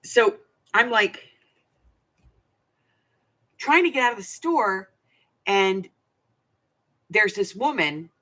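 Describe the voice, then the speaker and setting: A woman's voice: medium pitch, pushed and bright, breathy edge. An older woman hosting a craft channel, telling a rambling, chatty story with many asides. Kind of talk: casual storytelling vlog.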